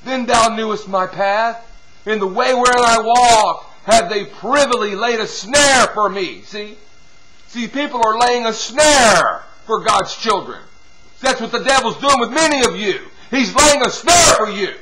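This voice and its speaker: A man preaching a sermon, dropping from loud appeals to hushed, quiet passages and punctuating with "see?" and "hallelujah". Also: high-pitched, lively intonation, measured pace, crowd noise, poor audio. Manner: swings from loud exhortation to hushed near-whispers.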